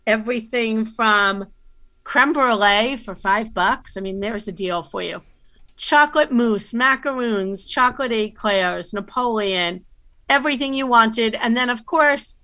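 Bright, high-voiced woman co-host. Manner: enthusiastic, detailed recommendations. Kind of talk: casual chat giving tips.

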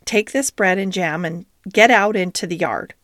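A woman's voice: on the low side, moderate pace, a bit bright, dry recording, studio quality, close to an everyday voice. A woman voicing a proper, hospitable female cat in a storybook reading. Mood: brisk.

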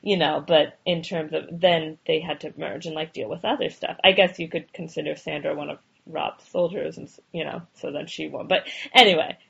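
Gravelly husky woman chatting casually. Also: low-pitched, fairly even intonation, fairly quick, hardly any pauses, fairly bright tone. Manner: chatty, filler-heavy, laughs often. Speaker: podcast co-host. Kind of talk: casual chat. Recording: dull lo-fi audio.

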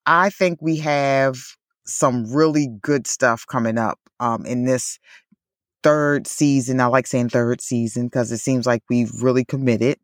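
A woman's voice: a bass voice, fairly even intonation, unhurried, dry recording. Chatty woman podcast host, dry sound. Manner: chatty, lots of "like" and "you know", laughs often. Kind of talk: casual chat.

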